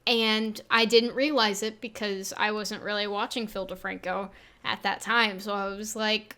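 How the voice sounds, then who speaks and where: A woman with a voice that sounds younger than her age, giving halting, self-deprecating reaction commentary, with many restarts, on a USB desk mic. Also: medium pitch, fairly even intonation, sharp tone. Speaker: video creator and game developer. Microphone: Blue Yeti on an arm.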